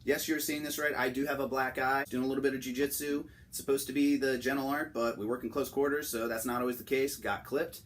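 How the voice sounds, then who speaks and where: A young man hosting a satirical comic monologue, delivered deadpan and mock-serious. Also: medium pitch, fast talker, few pauses. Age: young adult. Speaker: host.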